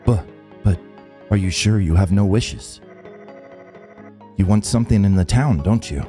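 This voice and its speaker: A man voicing a meek, soft-spoken old male stranger who talks in a timid, halting way. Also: on the low side, faint music behind, lightly acted. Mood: nervous.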